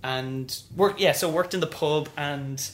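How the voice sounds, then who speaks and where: A man telling stories as an interview guest, animated, often acting out what others said. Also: a little high, unhurried, roomy sound. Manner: animated, acts out quoted voices. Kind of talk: storytelling interview.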